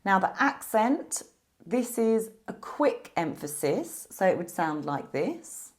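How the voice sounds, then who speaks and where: A woman teaching a beginner piano lesson, explaining musical symbols patiently and clearly. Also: medium pitch, big pitch swings, slow.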